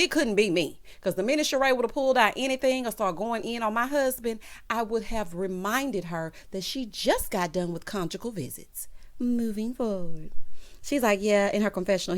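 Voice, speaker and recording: A woman giving a sassy, gossipy commentary on a reality TV episode, breaking into loud laughs. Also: medium pitch, fairly quick. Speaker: reality TV recap host. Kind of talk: casual recap commentary.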